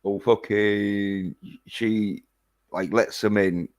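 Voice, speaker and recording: A man's voice: fairly low pitch, fairly even intonation, drawn-out words. A man recapping a film in a casual, rambling way, full of hesitations and swearing. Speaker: film reviewer.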